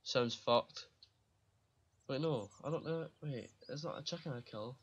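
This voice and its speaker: A man's voice: medium pitch, a little slow, husky, highs cut off. A man giving casual commentary while playing a survival game, rambling and swearing freely and laughing at his own slips. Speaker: gaming channel host.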